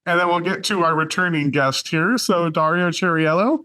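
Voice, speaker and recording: A man hosting a casual podcast chat, loose and chatty, laughing often and filling pauses with "um". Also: fairly high pitch, pushed and bright. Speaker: podcast host.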